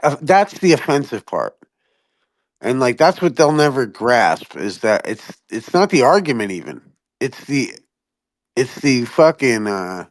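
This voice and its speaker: A man chatting casually on a podcast, swearing often and jumping into high-pitched impressions of other people. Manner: profane, animated, mimics people in high voices. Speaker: podcast host. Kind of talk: casual chat.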